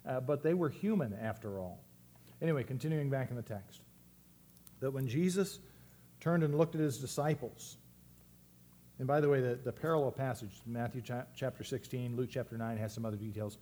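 A man's voice: medium pitch, normal speed, warm tone, a little hiss or hum. A man preaching a sermon as pastor, earnest and reflective, often restarting his phrases.

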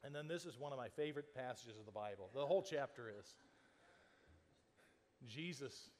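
A man's voice: mid-range voice, lively intonation, moderate pace, darkish tone, in a large hall, a little hiss or hum. A man preaching a sermon as a pastor, telling the story conversationally and acting out the quoted lines, with frequent restarts.

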